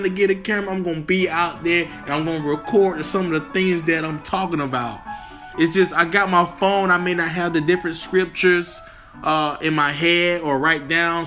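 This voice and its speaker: A man preaching on scripture, reading verses slowly, then explaining them in loose street slang. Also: high voice, pushed and bright. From Florida.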